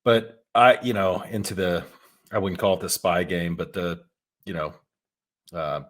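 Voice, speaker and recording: Deep-voiced Texan man, folksy. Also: fairly even intonation, measured pace, fairly bright tone. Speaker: podcast co-host. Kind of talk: casual podcast conversation.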